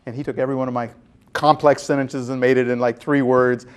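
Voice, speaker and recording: A man in his sixties, a guest telling lively stories about his career and acting out quoted voices as he goes. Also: mid-range voice, fast talker, slight background noise. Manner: animated storyteller acting out quotes. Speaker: guest, former jai alai PR director. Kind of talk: storytelling in casual chat.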